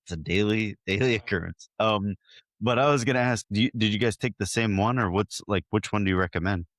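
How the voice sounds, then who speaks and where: A man's voice: on the low side, a little fast, fairly bright tone, dry recording, clean studio sound. A man joking around and laughing a lot during a casual podcast chat.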